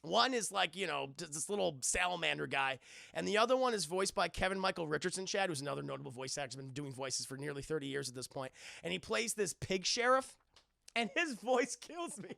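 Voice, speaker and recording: A man giving excitable, profane livestream commentary on a cartoon while talking to his chat. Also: fairly high pitch, a little fast, vocal fry, no room sound, clean studio sound. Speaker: streamer reviewing a cartoon.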